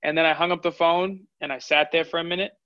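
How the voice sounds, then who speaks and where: A man's voice: a little high, fairly even intonation, fast, smooth, dry recording. A man in his twenties, a fighter, telling his story candidly in an interview. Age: 20s. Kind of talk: interview answers. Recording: dull lo-fi audio.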